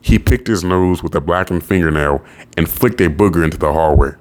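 A man narrating a novel audiobook in a steady storytelling voice. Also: low voice, a little fast.

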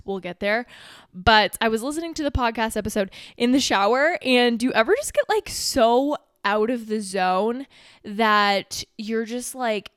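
A young woman in her twenties hosts a casual solo podcast in a mid-range, slightly bright voice, recorded dry with studio quality. A little out of breath, she rambles, fills her speech with "like" and swears frequently.

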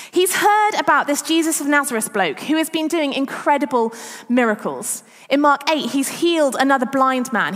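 A woman giving a chatty, self-deprecating church talk as preacher. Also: high-pitched. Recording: long reverb of a church hall.

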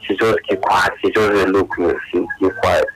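A man's voice: low-pitched, level tone, a bit bright, soft background music, rough recording. Nigerian man telling a heartbreak story. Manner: halting, tearful retelling in pidgin-laced English. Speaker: caller. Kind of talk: emotional phone-in story.

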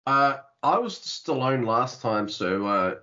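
A man's voice: mid-range voice, lively intonation, takes it slowly, pushed and bright, dull audio. A man co-hosting a casual movie review podcast, making dry, mocking asides. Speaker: podcast co-host.

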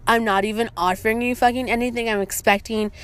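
A young woman hosts a casual podcast in a slightly high voice. She tells stories in an animated, profane way, acting out both sides of each exchange. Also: fast talker, clean tone. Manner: profane, animated storytelling with quoted back-and-forth. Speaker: podcast host.

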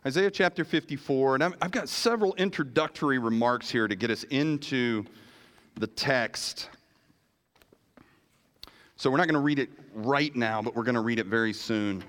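A man's voice: medium pitch, animated, moderate pace, pauses often, a bit bright. A man in his fifties preaching a sermon, telling a personal story in a conversational way and often repeating words as he goes. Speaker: pastor.

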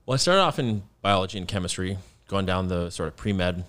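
A man's voice: low-pitched, expressive, brisk, a bit bright. A man in his thirties, a guest founder explaining his work in a loose, casual podcast chat with plenty of fillers.

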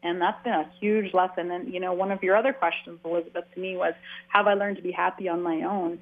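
A woman's voice: fairly low pitch, fairly even intonation, fast talker. Chatty woman on a tinny line. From Canada. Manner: chatty, rambling with frequent restarts. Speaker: author and guest. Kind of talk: casual interview conversation.

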